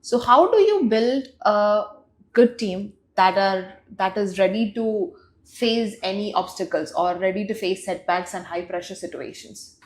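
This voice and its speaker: A woman's voice: mid-range voice, lively intonation, measured pace. A woman interviewing a business guest, asking polite questions and encouraging him with short acknowledgements. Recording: echoey room.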